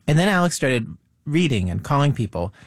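A man's voice: mid-range voice, very animated, fairly quick, no room sound, clean studio sound. A man hosting a radio show, narrating its opening in a conversational, wry way. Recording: music bed underneath.

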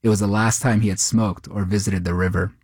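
A man narrating a short story in a steady, measured way. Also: lowish voice, dry recording, studio quality.

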